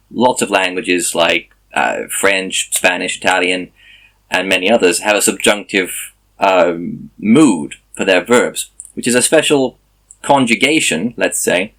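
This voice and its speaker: Tired, chatty man with a low voice. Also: fairly bright tone. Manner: chatty, explanatory, self-correcting. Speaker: language-learning vlogger. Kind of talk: casual video diary.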